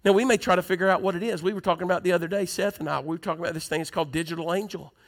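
A male pastor preaching a sermon, moving from conversational teaching to loud, emphatic preaching. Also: sits high, rapid-fire.

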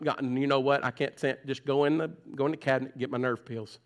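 A man's voice: medium pitch, fairly even intonation, fast, few pauses. Preacher teasing his congregation. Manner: conversational preaching, teasing the congregation, mimics voices. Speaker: pastor. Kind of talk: sermon. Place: church sanctuary.

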